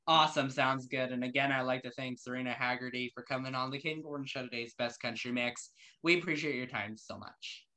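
A man's voice: mid-range voice, normal speed, pushed and bright. A man hosting an interview show, asking questions casually with lots of fillers and loose, rambling answers. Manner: rambling, many fillers, friendly.

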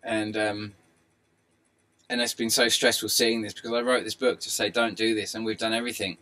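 A middle-aged man with an excitable, rambling delivery, talking to his video subscribers. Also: fairly low pitch, fairly quick. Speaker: video blogger. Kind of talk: rambling monologue.

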